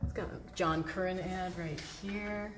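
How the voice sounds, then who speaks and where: A woman's voice: on the low side, fairly even intonation, a little slow, over music. A woman co-hosting a live-stream gallery tour, chatty and reading out viewers' comments. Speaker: gallery co-host. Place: art gallery indoors. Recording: echoey room with noticeable background noise.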